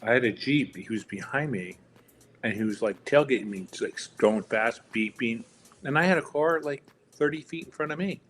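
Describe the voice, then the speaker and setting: A man's voice: medium pitch, moderate pace, a bit bright, a little hiss or hum. A man on a day-trading live stream, telling stories in a rambling, profane, casual way.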